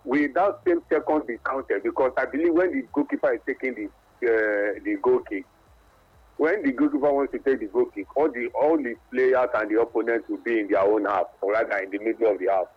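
A man's voice: mid-range voice, brisk, husky, dry recording, lo-fi sound. A man calling in to a sports radio show, hesitant and searching for his words. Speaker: caller.

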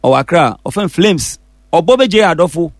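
A man with a Ghanaian accent, a musician guest telling the story of his songs in a relaxed, casual interview. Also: a little high, moderate pace, no echo, clean studio sound. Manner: relaxed storytelling, mixing English and Fante.

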